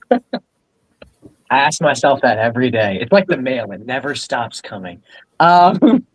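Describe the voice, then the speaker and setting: A man's voice: medium pitch, big pitch swings, unhurried, husky, low-quality recording. A man co-hosting a casual podcast, rambling with many fillers and frequent laughs. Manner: rambling, lots of "like" and "you know", laughs often. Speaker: podcast co-host, doctor.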